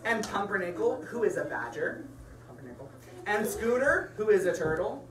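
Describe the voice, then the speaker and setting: A woman reading a picture book aloud to children, playful and animated, chatting about the pages as she goes. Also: mid-range voice, moderate pace, a crowd in the background. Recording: echoey room from far off.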